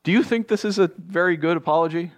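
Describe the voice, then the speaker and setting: A male pastor preaching a sermon, reading Bible verses and cracking jokes in animated asides. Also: sits high, fast talker.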